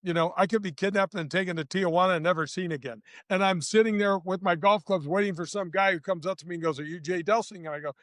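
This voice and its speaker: Man in his 60s, from St. Louis, slangy storyteller, raised pitch, dry sound. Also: fast talker, few pauses, no echo. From St. Louis, USA. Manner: lively, slangy, addresses the host directly. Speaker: podcast guest, former tour golfer. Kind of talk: casual anecdotal storytelling.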